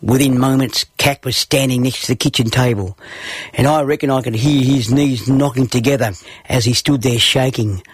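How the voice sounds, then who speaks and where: Husky Australian man telling a story. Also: medium pitch, fairly even intonation, normal speed, no room sound. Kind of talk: narrated personal story.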